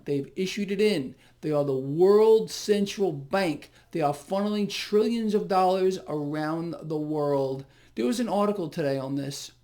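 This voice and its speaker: A man's voice: a little high, darkish tone. A man giving unscripted market commentary, blunt and emphatic, who repeats key phrases for stress and throws rhetorical questions at the viewer.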